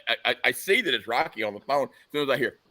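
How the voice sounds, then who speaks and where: A man guesting on a motorcycle talk show, telling animated stories and laughing as he goes. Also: mid-range voice, very fast. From United States. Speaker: guest, motorcycle engine builder. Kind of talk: casual chat.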